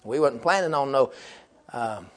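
A young man with a medium-pitched, expressive voice preaches a humorous sermon at a slightly slow pace. He tells stories loudly, laughing often and breaking into shouts.

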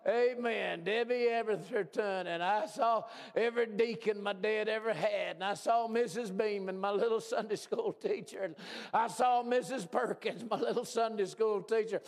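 A man pastor preaching a folksy, animated sermon, swinging from hushed asides to shouts. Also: sits high, normal speed. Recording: long hall reverb.

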